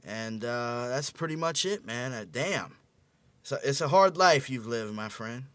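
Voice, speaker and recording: A man with a bright, mid-pitched voice hosts a casual comedy podcast. He teases his guest in a loose, laid-back way and laughs often. The sound is dry and close. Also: animated, measured pace, clean tone, dry recording. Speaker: podcast host.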